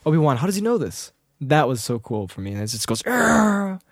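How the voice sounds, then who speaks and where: An eager man talks through a film scene by scene, dropping into quick impressions and humming the music. His voice sits at an ordinary pitch, recorded close and dry with no room sound. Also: sing-song, dry recording. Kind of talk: casual movie discussion.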